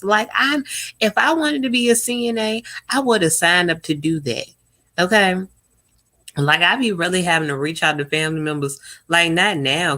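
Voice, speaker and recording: A young woman hosting a live stream, talking bluntly and profanely in a casual chat, often swooping up high in pitch. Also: sharp tone.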